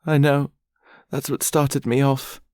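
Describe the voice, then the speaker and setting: A man's voice: mid-range voice, flat delivery, slow, a little mellow, clean tone, no echo, studio quality, voice pushed up, lightly acted. A man voicing a weepy young mother, crying and gulping through her words. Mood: teary, warming. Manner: gulping, sobbing, overwhelmed.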